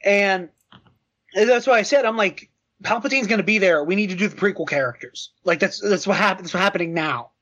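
A young man chatting casually on a podcast, telling a funny story with excitement and frequent laughter. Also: sits high, brisk. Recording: slightly dull lo-fi sound.

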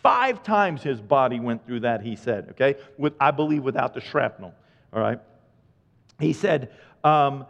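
A man's voice: expressive, moderate pace, creaky. Male pastor preaching with big dynamic swings, dull lo-fi recording. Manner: dynamic preaching, swinging from quiet and low to loud shouts. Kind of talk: sermon. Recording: dull lo-fi sound with long reverb in a large hall.

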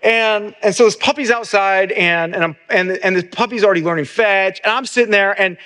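A middle-aged male pastor preaching a sermon in a conversational, animated storytelling way. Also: sits high, a little fast.

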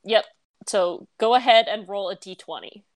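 A woman's voice: mid-range voice, moderate pace. A woman narrating as game master of a tabletop game, casual and laughing often.

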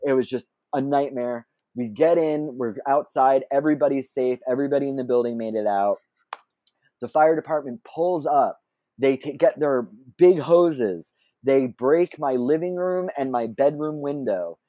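Warm, chatty man telling a story. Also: medium pitch, normal speed, no echo, dull audio. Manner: chatty and self-deprecating, laughs often, many fillers and asides. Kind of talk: casual anecdotal storytelling.

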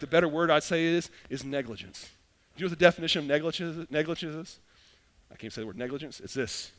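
Animated male pastor preaching in a hall. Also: on the high side. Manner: animated, acts out dialogue in changing voices. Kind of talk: sermon. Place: church sanctuary. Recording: long hall reverb.

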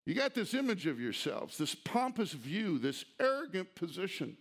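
A man preaching an expository sermon, teaching deliberately and emphatically through a text. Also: high voice, very animated. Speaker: pastor.

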